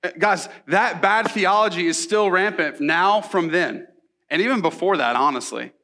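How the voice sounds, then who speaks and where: A man's voice: sits high, normal speed, sharp tone. A young man preaching a sermon in a casual, storytelling way, with asides and rhetorical questions. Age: young adult. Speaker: pastor.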